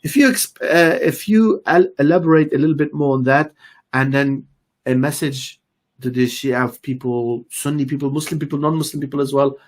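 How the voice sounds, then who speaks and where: A man's voice: on the high side, moderate pace. A man hosting an online interview, talking in an emphatic, exhorting way and dropping in Arabic phrases. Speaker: interviewer and channel host.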